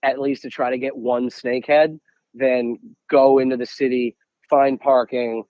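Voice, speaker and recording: Animated young man telling fishing stories. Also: medium pitch, unhurried, no echo, dull audio. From United States. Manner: animated, acts out quotes, many repeated "I'm like". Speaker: podcast guest, angler. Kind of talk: casual storytelling.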